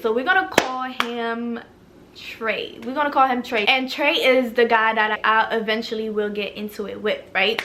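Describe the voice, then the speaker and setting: A woman from Maryland telling a story to her viewers in a casual, animated, profane way, filled with "like". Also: a little high, a little hiss or hum.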